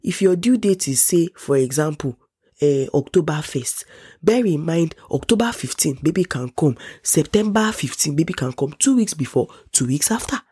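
A woman's voice: low voice, animated, moderate pace, dark tone, breathy edge, no room sound, clean studio sound. A young Nigerian woman with a cold, telling a dramatic personal story and acting out the people in it with raised voices and laughter. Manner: dramatic, acts out quotes in a raised voice, laughs often. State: congested with a cold. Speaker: vlogger. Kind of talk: animated storytelling.

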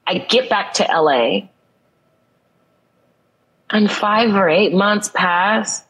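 A woman's voice: medium pitch, slow, fairly bright tone, breathy edge, low-quality recording. A woman guest in a podcast interview, telling a personal story with earnest, emphatic repetition. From United States.

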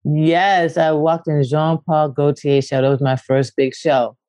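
Woman from Philadelphia, interview guest, lively storytelling, acts out voices, casual swearing, dry close sound. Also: unhurried, dry recording. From West Philadelphia, USA. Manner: animated, acts out quotes with big pitch leaps, casual swearing. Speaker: guest, poet and actress. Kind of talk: candid storytelling conversation.

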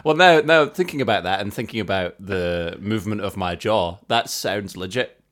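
Jokey male co-host with a lowish voice, casual chat. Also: animated, moderate pace, a bit bright. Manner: playful, jokey, laughs often. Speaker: podcast co-host.

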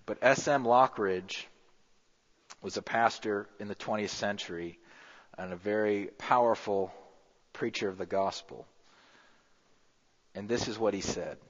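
A man's voice: unhurried, pauses often. Man preaching in a reverberant hall. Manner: rises to emphatic peaks, then drops to a hushed low voice. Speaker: pastor. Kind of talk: sermon. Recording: muffled with long hall reverb.

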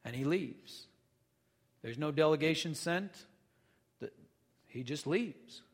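A male pastor preaches in an easy, conversational way, reading scripture and then putting questions to his listeners. His voice sits a little high for a man. A long reverb trails his words. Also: expressive, takes it slowly. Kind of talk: sermon.

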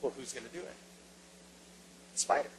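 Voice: fairly quick, slight background noise, rough recording. A pastor giving a sermon in a conversational way, retelling a story with rhetorical questions.

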